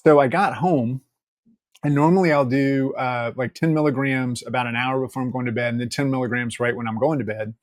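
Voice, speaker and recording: A man telling stories as a podcast guest, casual and animated, laughing often and acting out quotes. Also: mid-range voice, brisk, dry recording, studio quality. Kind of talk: casual interview storytelling.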